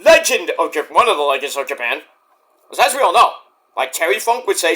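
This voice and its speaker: A man's voice: a little high, big pitch swings, fairly quick, pushed and bright. A man casually reviewing a wrestling show, rambling, swearing freely and going off on tangents. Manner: rambling, profane and digressive.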